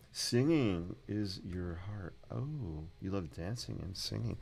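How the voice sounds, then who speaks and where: Upbeat gravelly man streaming his sketching. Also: deep voice, lively intonation, a little slow, darkish tone. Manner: chatty, upbeat, talks to viewers while drawing. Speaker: artist live-streaming a sketch session. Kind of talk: casual live-stream chat. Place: home art studio with a 3D printer running. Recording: faint machine noise behind.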